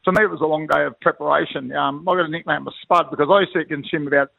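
Man, Australian accent, middle-aged, rapid talk, blokey rambling yarns, thin phone-line sound. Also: fairly high pitch, steady tone, creaky, no room sound. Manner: blokey storyteller, slangy, rambling with restarts. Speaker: guest, former rugby league player. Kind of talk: casual radio interview by phone. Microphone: telephone. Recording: tinny dry phone line.

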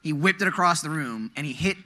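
A man telling a funny anecdote, animated, on a live podcast panel. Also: on the high side, fast talker.

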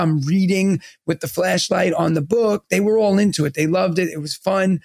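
Gravelly man telling a rambling story. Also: high voice, moderate pace, few pauses, no echo. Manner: rambling, animated anecdote teller with many fillers. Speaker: podcast co-host. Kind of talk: casual storytelling.

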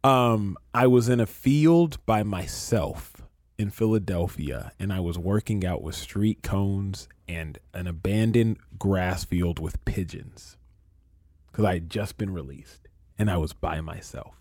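A man's voice: low-pitched, measured pace, a little mellow, no echo, clean studio sound. A man in his thirties, a podcast guest talking earnestly and reflectively, often repeating phrases as he works through feelings. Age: 30s. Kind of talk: emotional casual conversation.

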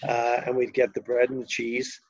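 An older Liverpool-accented man from England is a guest in a storytelling interview, spinning long, rambling anecdotes packed with fillers. His medium-pitched voice is monotone at a normal speed, and the audio sounds dull.

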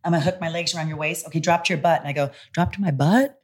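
A woman's voice: low voice, racing. A woman in her forties from California, telling stories in a casual interview and acting out the voices of people she quotes. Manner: animated, acts out quoted voices. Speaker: interview guest, former pro wrestler. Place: studio in Los Angeles.

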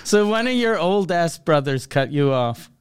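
Male podcast co-host, high and bouncy voice, quick with deadpan sarcastic jokes. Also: clean tone, no echo, clean studio sound. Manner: sarcastic, laughs often. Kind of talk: casual joking banter.

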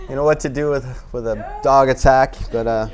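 A man teaching voiceover tips in a loose, casual talk with restarts. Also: mid-range voice.

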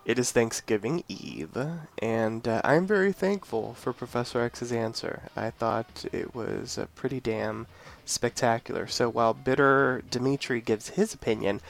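A man's voice: mid-range voice, measured pace, vocal fry. A man co-hosting a podcast in casual chat, enthusiastic and playfully teasing. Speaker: podcast co-host.

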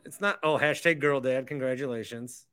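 A man's voice: medium pitch, a little fast, a bit bright, clean tone. A man hosting a call-in podcast, chatting casually and teasing his callers. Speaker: podcast host.

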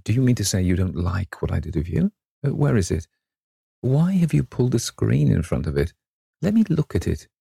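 A man's voice: low-pitched, fairly quick, creaky, husky, no room sound, studio quality, heavily acted. A man reading the lines of an earnest, fond older painter in an audiobook, coaxing and insistent. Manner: warm-hearted, coaxing, pleading.

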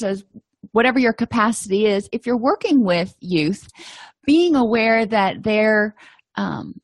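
A woman's voice: mid-range voice, no echo. A middle-aged woman presenting an educational lecture in a conversational, anecdotal way, with frequent fillers.

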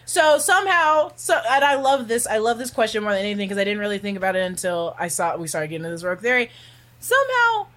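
A woman hosting a casual podcast chat, excitable and laughing often as she talks. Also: medium pitch, fast. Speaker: podcast host.

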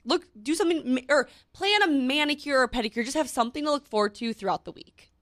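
A young woman co-hosts a podcast in a relaxed, chatty way, listing advice in loose, rambling runs. Her voice sits a little high, and the sound is dry and close. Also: fast talker, no room sound. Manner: chatty, giving tips in a loose, rambling list. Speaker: podcast co-host. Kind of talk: casual chat.

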